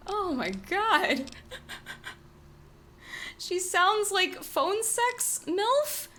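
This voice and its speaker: A woman's voice: extremely high pitch, big pitch swings, very slow, pauses often, sharp tone, faint music behind. A woman streaming a video game, chatting casually and with exasperation, swearing often. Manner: exasperated, swearing, frequent laughs.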